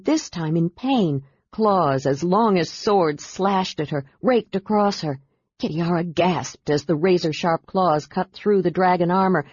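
A woman with a low voice narrating a fantasy audiobook. She keeps a steady, measured pace. The recording is muffled and dry. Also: dry recording.

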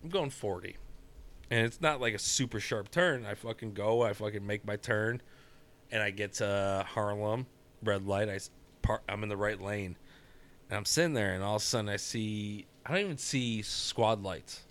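Man, casual storytelling, profane and animated, bright forceful voice, lowish pitch. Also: normal speed.

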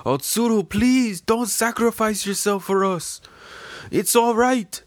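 A man doing a frail, high-pitched old villager. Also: slow pace, slight background noise. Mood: pleading. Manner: high strained pleading voice.

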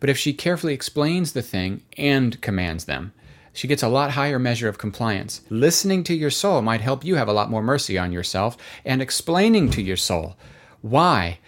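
A man's voice: medium pitch, very animated, moderate pace. A man in his thirties giving a devotional talk, earnest and conversational, telling stories. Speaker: Christian speaker.

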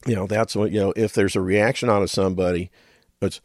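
A man's voice: on the low side, steady tone, quick pace, no room sound, studio quality. A middle-aged man hosting a radio talk show, rambling in a folksy way with chuckles and muttered asides.

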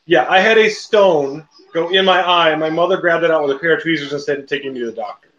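A man hosting a casual livestream who asks questions and vents animatedly, swearing as he goes. His voice sits a little high. The recording is echoey and somewhat dull and lo-fi. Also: quick pace, fairly bright tone.

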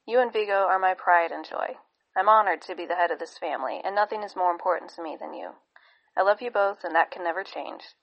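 A woman's voice: lowish voice, a little fast, dull audio, natural voice. A woman voicing a cheerful, enthusiastic young husband and father, matter-of-fact and upbeat. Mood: earnest.

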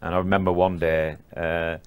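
A man's voice: sits low, little pitch movement, normal speed, smooth, narrow, tinny audio. An older man, a former rugby player recalling his career in an interview, often stumbling and repeating words as he starts. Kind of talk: interview recollection.

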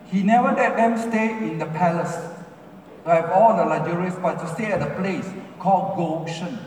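A pastor preaches a sermon in broken, non-native English, repeating phrases with rising and falling emphasis. His voice is high-pitched and darkish at a normal speed, captured from far off in an echoey large church hall with slight background noise.

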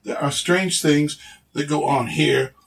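A man's voice: on the high side, steady tone, slow pace, gravelly. A man doing a weary, deferential old orc drifter. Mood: drawling. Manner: folksy drawl, stammering and polite. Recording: distant mic, poor recording.

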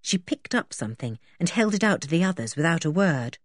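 A woman narrating a children's storybook in an expressive reading style. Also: lowish voice, fairly quick, no echo, clean studio sound. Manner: expressive, even-paced reading.

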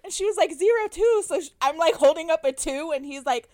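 High-voiced young woman, playful storyteller. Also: fast talker, a little mellow. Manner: playful, dramatic, acts out quotes. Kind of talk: casual storytelling chat.

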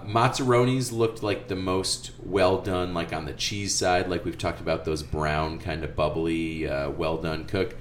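A man co-hosting a podcast in casual chat, telling stories in an animated way and saying "like" often. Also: sits low, roomy sound, slight background noise. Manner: animated storyteller, frequent "like". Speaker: podcast co-host.

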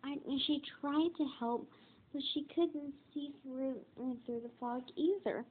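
A woman plays a gentle, weary young dragon from a storybook. The voice sits high and moves slowly, with halting restarts. It sounds tinny, like a phone line. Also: slight background noise. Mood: sad.

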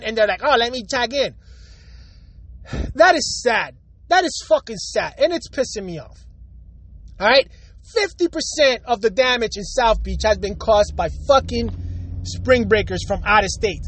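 A man's voice: very high-pitched, no echo, poor audio. A man from the United States ranting hard at his viewers in a heated, blunt, profane way. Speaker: vlogger. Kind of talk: angry rant to camera.

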